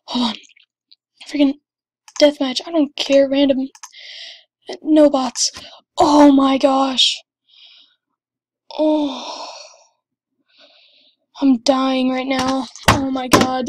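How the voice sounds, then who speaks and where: A woman giving excited commentary over her gameplay, gushing and exclaiming breathlessly. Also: high voice, takes it slowly, pauses often, dry recording. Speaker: gamer.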